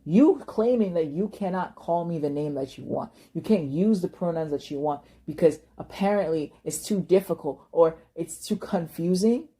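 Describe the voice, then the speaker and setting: A woman's voice: on the low side, dark tone, breathy edge. A young woman giving an emotional personal monologue, impassioned and ranting, cursing and repeating words when worked up. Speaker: vlogger.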